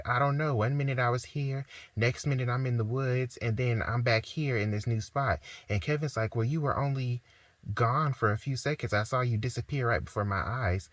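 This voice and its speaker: A man's voice: mid-range voice, a bit bright, no room sound. A man retelling a novel's chapters in a casual, conversational way, voicing the characters' lines in quotes as he goes. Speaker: book reviewer. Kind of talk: casual book recap and commentary.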